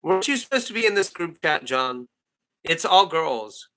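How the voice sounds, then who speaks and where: Male stream host, sharp bright tone, rambling jokey banter. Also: fairly high pitch, big pitch swings, moderate pace. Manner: rambling, joking, repeats himself. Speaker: livestream host. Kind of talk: casual group call chat.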